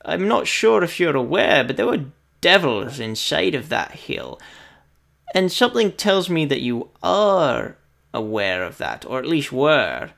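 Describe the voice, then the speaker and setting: A man's voice: a little high, sing-song, a little slow, gravelly, a bit bright, full character voice. A man playing a blunt, intimidating male half-orc mercenary who haggles firmly over pay in a tabletop role-play. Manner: firm, bargaining, threatening undertone. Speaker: player.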